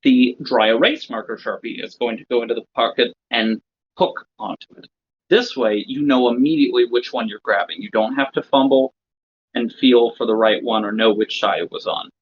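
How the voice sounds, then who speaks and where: A man gives an instructional lecture to other magicians, walking through a routine step by step and checking in with his listeners. His mid-range voice is slightly rough and moderately paced, captured on a slightly dull lo-fi recording.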